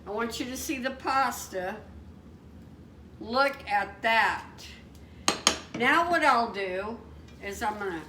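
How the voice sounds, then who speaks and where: A woman chatting excitedly as she cooks a meal at home, exclaiming as she goes. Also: fairly high pitch, slow, long pauses. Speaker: home cook showing a recipe. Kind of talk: casual cooking demonstration. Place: home kitchen. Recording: echoey kitchen, distant mic, frying noise. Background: sizzling frying pan.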